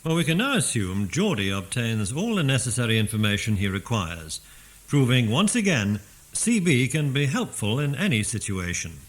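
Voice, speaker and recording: A man with an English accent giving slow, deliberate, scripted instructional narration. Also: mid-range voice, sing-song.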